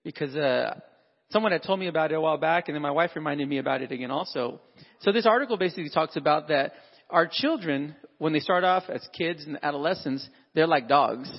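A man's voice: on the high side, brisk, in a large hall, muffled recording. A man addressing fathers at church in a conversational, sermon-style talk, acting out everyday dialogue. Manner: conversational, acts out dialogue with animated voices.

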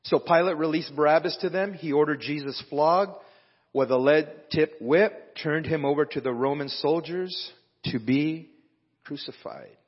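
Husky-voiced preacher in an echoing hall. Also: male voice, a little high, measured pace. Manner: conversational, with asides to the congregation. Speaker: pastor. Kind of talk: sermon. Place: church hall with live band. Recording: dull lo-fi recording with long hall reverb.

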